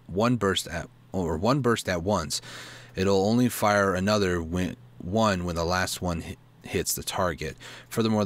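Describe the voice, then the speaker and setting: A man's voice: low voice, fairly bright tone. A man hosting a gaming video, reading an in-game guide aloud, stumbling over words and correcting himself, with asides and questions to himself. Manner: reads aloud haltingly, stumbling and self-correcting. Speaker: gaming channel host.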